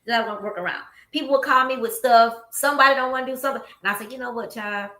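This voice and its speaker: A woman's voice: on the high side, racing. A woman with a Southern US accent hosting a casual chat, telling stories with animation and acting out what people said. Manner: animated storytelling, acts out quotes. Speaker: host. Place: office room. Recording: echoey room.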